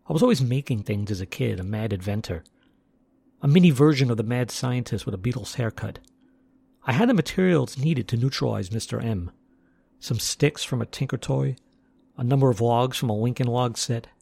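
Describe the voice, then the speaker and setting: A man's voice: mid-range voice, creaky, a little mellow, husky, no room sound. A man narrating a first-person story in a wry, tough-guy manner.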